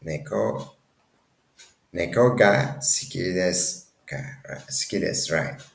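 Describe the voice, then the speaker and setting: Slow, gravelly low-voiced male teacher. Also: expressive, echoey room. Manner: halting, many restarts and self-corrections. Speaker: language teacher. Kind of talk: casual language lesson.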